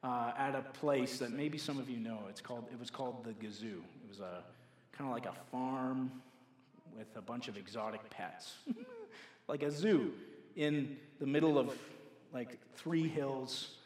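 A man preaching a sermon, moving from a told story to forceful preaching, recorded in a reverberant hall. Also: mid-range voice, unhurried. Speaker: pastor. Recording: echoey hall with long reverb.

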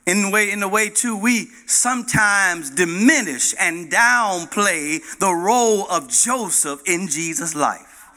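Bright-voiced preacher, slow and measured. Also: male voice, expressive. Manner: builds from low measured reading to fervent sing-song preaching. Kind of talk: sermon.

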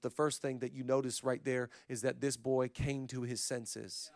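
A man preaching a sermon as pastor, swinging from soft, close passages to loud, emphatic calls. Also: mid-range voice, flat delivery, moderate pace, hardly any pauses, dry recording. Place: church stage.

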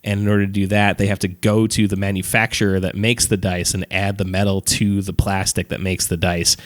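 Man rambling casually, slightly low voice. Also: flat delivery, brisk. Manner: rambling, lots of "like" and "um", casual swearing, laughs while telling. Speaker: podcast co-host reviewing films. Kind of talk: casual chat.

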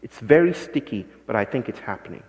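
This invited speaker talks briskly in a medium-pitched, slightly mellow voice with lively intonation. Before an audience in an echoing lecture hall, he muses poetically and then presses his points with growing passion.

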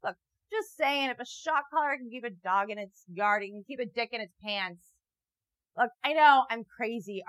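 A young adult woman delivering a rambling, profane comic monologue, sarcastic, with bursts into loud mocking voices. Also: fairly high pitch, dry recording, low-quality recording. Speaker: comedian. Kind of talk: stand-up style comic monologue. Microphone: new wireless mic, walking around.

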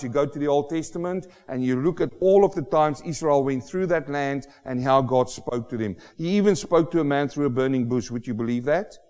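Fairly high-voiced preacher guy, goes quiet then booms and stretches words out, long echo of a church hall. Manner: dramatic swings from soft to loud, slows for emphasis. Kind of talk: sermon.

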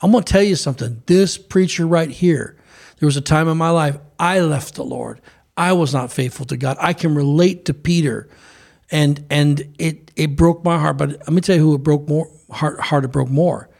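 A man's voice: fairly high pitch, normal speed, gravelly, a little mellow. A man preaching on a broadcast program, speaking fervently with frequent restarts. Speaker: preacher and co-host.

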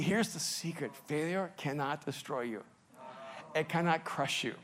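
A middle-aged male pastor preaching with stories, laughing at himself and swinging between loud bursts and hushed lines. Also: a little high.

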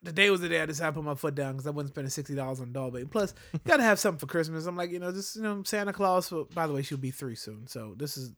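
Casting note: young man, lively storyteller, slightly high voice, casual podcast chat. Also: racing. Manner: animated storyteller acting out voices. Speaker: podcast co-host.

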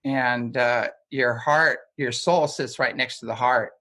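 A man's voice: mid-range voice, fairly even intonation, takes it slowly, pushed and bright. A man talking as a guest in a casual conversation, telling stories in a rambling way with frequent restarts and chuckles.

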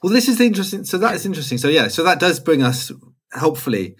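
A man co-hosting a podcast in casual chat, talking in an animated way with lots of "like"s. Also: fairly high pitch, quick pace, breathy edge. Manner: animated, chatty, many "like"s, laughs easily. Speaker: podcast co-host.

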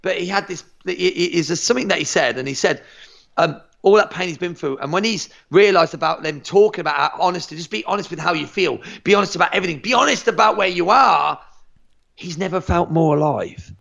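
A martial arts instructor talking on a podcast, energetic and emphatic, swearing freely and tripping over repeated words. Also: male voice, high-pitched, a little fast, creaky, muffled recording. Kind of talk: motivational podcast chat.

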